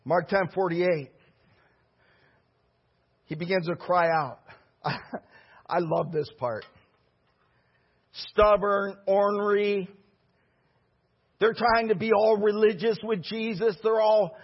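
A man's voice: high-pitched, slow pace, pauses often, breathy edge, muffled recording. A male pastor preaching a sermon with fervor and repeating key phrases for emphasis.

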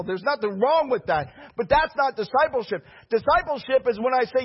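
A man preaching a sermon as pastor, impassioned, swinging between loud declarations and hushed asides. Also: extremely high pitch, animated, fairly quick, hardly any pauses, husky, dull audio.

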